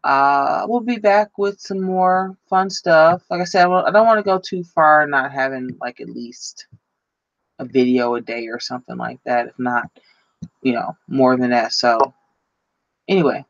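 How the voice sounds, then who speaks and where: A woman's voice: rumbling low, a little slow, no echo, muffled recording. A woman chatting on a live stream in a rambling, flustered way, often laughing at herself. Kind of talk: casual live-stream chat. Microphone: computer microphone.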